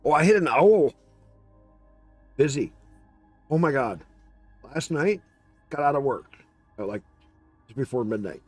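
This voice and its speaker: A man streaming a game, telling a story in casual, animated chat and swearing freely. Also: a little high, measured pace, long pauses, dry recording, soft background music.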